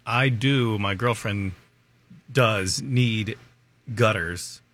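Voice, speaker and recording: Man, radio co-host, easygoing, husky voice. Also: on the low side, very slow, fairly bright tone. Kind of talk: casual banter.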